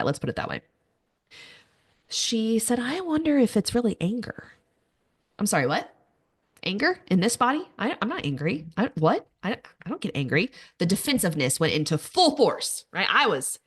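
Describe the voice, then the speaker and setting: A woman in her thirties hosts a personal podcast, talking candidly and poking fun at herself. Her voice sits fairly low but swings widely in pitch as she tells her stories. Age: 30s. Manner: candid, animated storytelling with self-mocking asides. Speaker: podcast host. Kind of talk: personal monologue.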